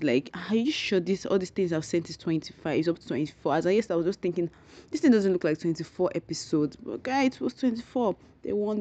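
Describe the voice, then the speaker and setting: A woman hosting a solo podcast, rambling and thinking out loud, effusively grateful to her listeners. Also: fairly low pitch. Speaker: podcast host. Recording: dull lo-fi recording.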